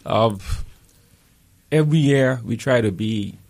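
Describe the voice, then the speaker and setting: A man with a Bahamian accent, a guest artist on a radio show in a studio, telling his story in a steady, earnest way. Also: mid-range voice, takes it slowly, creaky. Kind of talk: radio interview.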